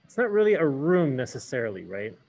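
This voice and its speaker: A man's voice: mid-range voice, big pitch swings, fairly quick, darkish tone. A man teaching a hybrid French class, switching between English and French and asking the students questions.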